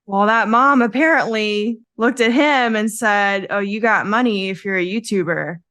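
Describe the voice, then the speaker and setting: A woman co-hosting a podcast, speaking at a mid pitch in an easy, chatty way. She tells stories and laughs often between her lines. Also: moderate pace, fairly bright tone, dry recording, clean studio sound. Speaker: podcast co-host. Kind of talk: casual chat.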